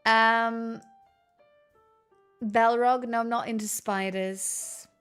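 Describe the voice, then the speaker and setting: A woman's voice: on the high side, fairly even intonation, extremely slow, a bit bright, clean tone, faint music behind. A woman live streamer in a put-on transatlantic accent, chatting casually with her viewers, self-mocking and swearing freely. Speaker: live streamer greeting chat.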